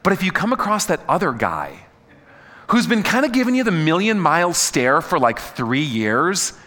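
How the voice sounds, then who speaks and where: A man's voice: a little high, big pitch swings, normal speed, pushed and bright, long reverb tail. A middle-aged man preaching a conversational sermon, peppering the audience with questions and tripping over repeated words. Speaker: pastor.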